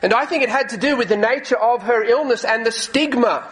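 A man's voice: extremely high pitch, brisk, a bit bright, rough recording. A male pastor preaching a sermon earnestly, often repeating words as he goes and reading scripture aloud. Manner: reads scripture aloud in old English wording.

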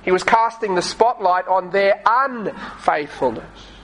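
A man preaching a sermon, reading scripture aloud and slowing down to stress key phrases in an earnest, pleading way. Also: high voice, animated, fairly bright tone, slight background noise, low-quality recording. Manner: reads scripture in archaic wording, slows for emphasis.

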